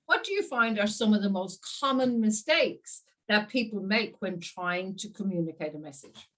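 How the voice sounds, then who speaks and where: Excitable Irish woman host. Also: medium pitch, moderate pace, recorded from a distance, low-quality recording. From Ireland. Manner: enthusiastic, animated, laughs often. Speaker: interview host. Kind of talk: conversational interview.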